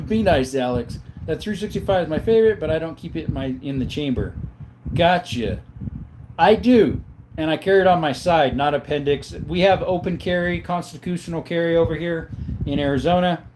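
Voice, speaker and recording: A man hosting a casual livestream, reading viewers' chat names aloud and answering them in a relaxed, easygoing way. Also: a little high, normal speed, background noise. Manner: calls viewers brother. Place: home, in front of a counter.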